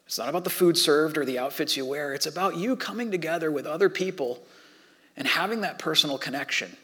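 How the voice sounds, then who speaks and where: A man preaching to his congregation in a fairly high voice. He tells stories with lively energy and sometimes drops almost to a whisper. He sounds like a pastor in his thirties or forties. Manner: animated storytelling, dropping to soft near-whispers. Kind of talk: sermon.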